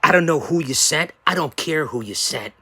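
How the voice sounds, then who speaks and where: A man hosting a show, delivering a theatrical wrestling-style hype promo that swings from yelling to hushed threats. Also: on the high side, lively intonation, moderate pace, slightly rough, dry recording. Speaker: show host.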